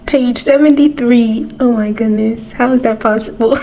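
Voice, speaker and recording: Young woman booktuber gushing to the camera, high mellow voice, slow hums and gasps. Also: a little hiss or hum, rough recording. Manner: gushing, animated, hums and exclaims often. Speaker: book vlogger. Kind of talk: casual reading vlog chat. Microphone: camera mic.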